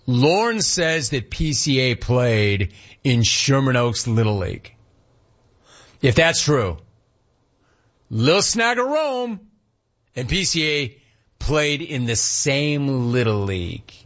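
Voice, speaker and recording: A man in his forties from Southern California hosting a casual sports talk show, an animated, rambling storyteller who reads from the live chat. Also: mid-range voice, slow pace, pauses often, lo-fi sound.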